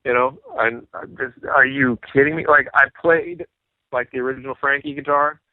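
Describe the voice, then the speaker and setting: A man's voice: medium pitch, moderate pace, dry recording. A man in a casual interview, animatedly telling stories and acting out what others said. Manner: animated, acts out quoted voices. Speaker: musician guest. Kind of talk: casual storytelling. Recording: tinny phone-like line, dry.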